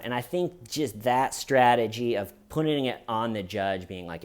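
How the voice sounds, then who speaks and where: A man's voice: medium pitch, moderate pace, darkish tone, clean tone. A man hosts a casual true crime commentary, talking in a mid-range voice. He fills his retelling with sarcastic, mocking asides.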